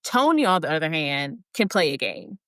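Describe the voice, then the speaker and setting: A woman co-hosts a podcast, throwing blunt, joking comments into a movie recap and swearing casually. Her pitch swings widely as she talks. The recording is dry and close. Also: sing-song, normal speed, a bit bright, no room sound. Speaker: podcast co-host.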